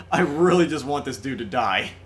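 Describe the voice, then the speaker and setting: A man's voice: medium pitch, a little slow, slight background noise. A man co-hosting a let's play, casually chatting, exasperated and prone to swearing. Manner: excitable, exasperated, swears and reads dialogue aloud. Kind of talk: casual gameplay commentary.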